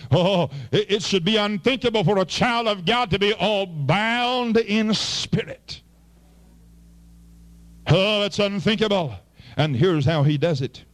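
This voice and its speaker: A man preaching a fervent sermon as pastor, swinging between loud appeals and low, quiet asides.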